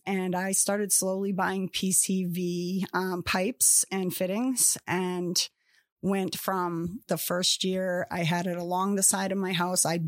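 A woman's voice: lowish voice, little pitch movement, slow pace, no echo, clean studio sound. A woman chatting casually as a podcast guest, rambling along with lots of fillers and restarts.

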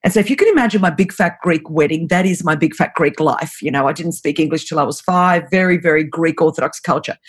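A woman in her forties with an Australian accent, a guest telling a personal story with lively energy and frequent laughs. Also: deep voice, fast talker, few pauses, breathy edge. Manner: lively, animated storyteller who laughs often. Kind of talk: storytelling in an interview.

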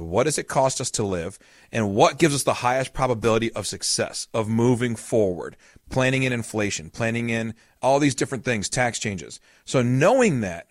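Male podcast host and financial advisor, mid-range pitch, dry voice, earnest conversational explainer who leans on anecdotes. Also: dry recording. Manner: earnest, explains with family anecdotes and acted-out quotes; repeats key points for emphasis.

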